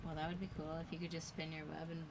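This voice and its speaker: A woman co-hosts a relaxed livestream aboard a sailboat, adding brief remarks. Her voice sits fairly low. Steady background noise is clearly audible. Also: quick pace. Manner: brief, chiming in with laughs. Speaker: livestream co-host. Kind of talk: casual live stream chat. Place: on a sailboat at a marina.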